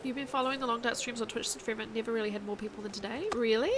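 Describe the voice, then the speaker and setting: A woman with a soft New Zealand accent, chatting casually on a live game stream, reading chat aloud and thinking out loud as she plays. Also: fairly high pitch, fairly even intonation, racing, background noise.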